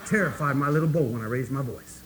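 A man preaching a sermon to his congregation, emphatic and folksy, swinging between hushed asides and loud, rising points. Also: medium pitch, quick pace, noisy background. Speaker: pastor.

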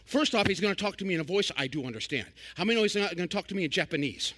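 Older male evangelist, high ringing voice, folksy and animated preaching. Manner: folksy, animated preaching with sudden loud bursts and quick asides. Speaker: traveling evangelist. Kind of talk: sermon.

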